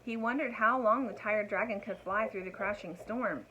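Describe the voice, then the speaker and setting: A woman reading a picture book aloud to children in an expressive voice, turning to her young listeners with asides. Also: mid-range voice, normal speed, slightly rough, highs cut off. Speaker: storyteller.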